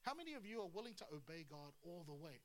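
A man preaching a lively sermon with humor and asides. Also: high voice, fast. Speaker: pastor.

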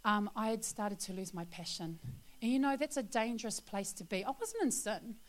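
A woman's voice: mid-range voice, sing-song, moderate pace. A woman sharing a testimony with her church congregation, a chatty storyteller full of fillers who turns earnest and confiding.

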